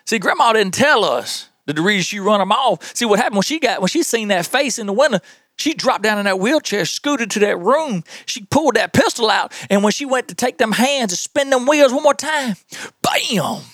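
A man with a Southern US accent hosting a podcast, telling tall tales in a folksy, animated way. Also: sits high, fairly quick, no room sound, studio quality. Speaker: podcast host. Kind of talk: tall-tale storytelling.

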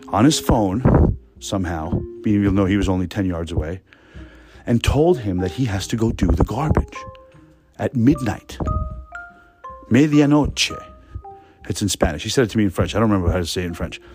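A man in his thirties, a podcast host, telling a work story in a casual, animated, profane and sarcastic way, recorded indoors at home. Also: on the low side. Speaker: podcast host, restaurant manager.

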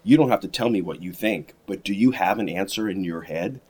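A man's voice: sits low, fairly quick, darkish tone, breathy edge. A man interviewing an actor, asking engaged, conversational questions.

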